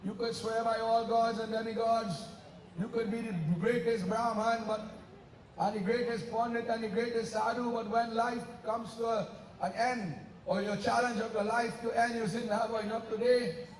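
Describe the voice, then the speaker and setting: A man's voice: very high voice, level tone, moderate pace, echoey room, in a large hall, distant mic, slight background noise, poor audio. A man voicing a stern female water-creature guardian in a devotional story, lecturing with proverbs.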